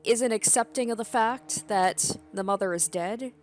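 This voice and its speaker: A woman's voice: on the high side, unhurried. Chatty woman playing a game. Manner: musing, chatty. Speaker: let's play host. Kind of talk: casual game commentary.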